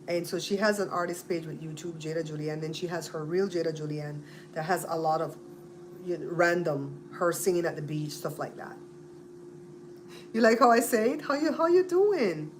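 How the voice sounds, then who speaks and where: A Belizean woman chats casually on her livestream, talking to viewers by name. Her voice sits a little low, and she likes to repeat and spell words out. A faint noise hums behind her. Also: normal speed. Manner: chatty, repeats and spells out names. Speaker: livestream host. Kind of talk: casual live-stream chat with viewers.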